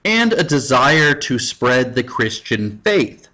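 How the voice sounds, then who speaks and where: A man teaching history in a loose, casual lecture. His pitch jumps around a lot as he tosses off jokes and self-mocking asides to his students. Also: sing-song, takes it slowly, pushed and bright. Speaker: high school history teacher.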